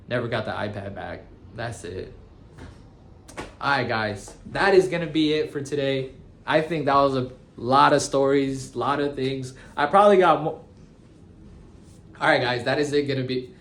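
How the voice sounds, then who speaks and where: Speaking at a middle pitch over a faint background hum, a twenty-something American who owns a tattoo shop shares shop stories vlog-style. His talk is loose, slangy and animated, packed with "bro" and "guys."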